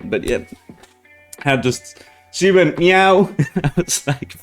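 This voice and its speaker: Brief: male reaction vlogger, casual and rambling, curses a lot, voice a bit high, faint guitar music behind. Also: animated, takes it slowly, pauses often. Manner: rambling, frequent swearing and restarts. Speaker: reaction channel host. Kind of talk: casual storytelling to viewers.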